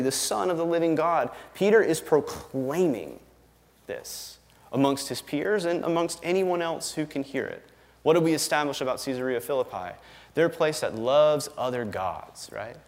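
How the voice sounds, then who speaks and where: A man preaching a sermon in a conversational, emphatic way, often checking in with "right?" and chuckling. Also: on the high side. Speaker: pastor. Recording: long reverb of a large hall.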